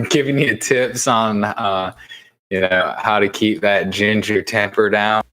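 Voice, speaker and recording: A man with a very low voice, chatting on a podcast in a relaxed, easygoing way. He laughs often between his remarks. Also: slow pace, rough recording. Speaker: podcast co-host. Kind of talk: casual podcast chat.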